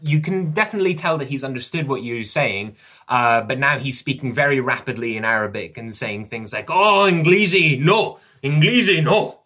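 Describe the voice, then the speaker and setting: Guy game master narrating a tabletop game, rambly, laughs a lot, mid pitch. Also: brisk, bright, forceful tone. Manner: rambling, laughs often, restarts sentences.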